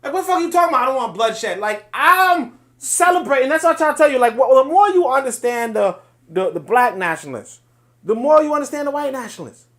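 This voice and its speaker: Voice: high voice, animated, fast. Blunt, sarcastic commentator. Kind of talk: reacting to a played clip.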